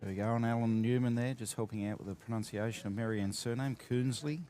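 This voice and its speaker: A man giving relaxed live commentary on a bowls match, with many fillers. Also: lowish voice, fast. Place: outdoor bowls green. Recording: outdoor mic with steady background noise.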